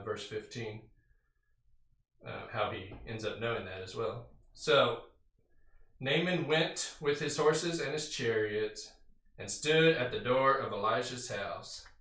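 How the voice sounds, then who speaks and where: Reading a passage aloud and then talking it through in an easygoing way full of fillers, a man teaches a relaxed Bible study. His voice is lowish, a bit bright, and measured, picked up by a far-off mic in a roomy space.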